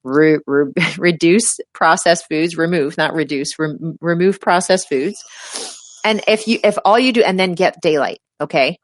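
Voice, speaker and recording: A woman's voice: on the low side, a little slow, dry recording, studio quality. A middle-aged woman, a healthcare provider, giving emphatic advice as a guest in a casual interview and acting out her patients. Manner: animated, emphatic, acts out quoted patients.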